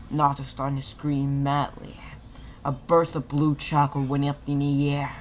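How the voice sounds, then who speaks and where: A man's voice: medium pitch, monotone, normal speed, a little hiss or hum. A man casually narrating a fan-made anime story, stumbling and repeating words as he goes.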